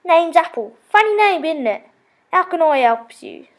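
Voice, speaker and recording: A woman's voice: very high-pitched, sing-song, normal speed, voice pushed up, exaggerated voice. Woman doing Apple, a chatty young wallaby. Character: excitable young male wallaby named Apple.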